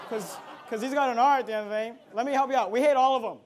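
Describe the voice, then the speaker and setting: A man pastor preaching a fiery sermon, moving between loud emphatic bursts and quiet asides. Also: extremely high pitch, fast, hardly any pauses, a faint crowd.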